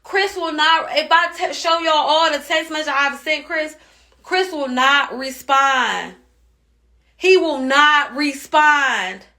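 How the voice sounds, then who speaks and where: An upset mother rants on social media with a bright, sharp voice. She cusses, circles back to the same points and stays heated throughout. Her pitch sits high for a woman. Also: slow. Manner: heated, cussing, repeats herself. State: upset and angry. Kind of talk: angry social media rant.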